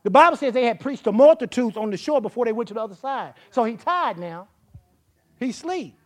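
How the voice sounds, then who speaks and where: A woman preaching a sermon with folksy, vernacular phrasing, building up to shouts. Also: fairly high pitch, a little fast. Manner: animated, rising to shouts.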